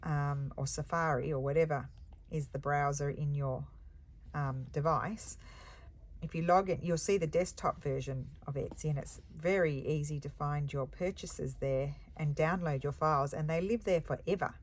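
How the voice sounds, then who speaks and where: A woman's voice: low-pitched, normal speed. A woman crafter chatting casually while she stitches, rambling and thinking aloud with hums and ums. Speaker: embroidery crafter and shop owner.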